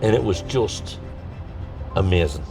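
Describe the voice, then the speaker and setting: A man with a Tyneside accent telling stories as an interview guest in a lively, laughing way, acting out what people said. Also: low-pitched, measured pace, creaky, distant mic, music in the background. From North East England. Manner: lively, laughs through his stories, acts out quotes. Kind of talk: casual storytelling chat.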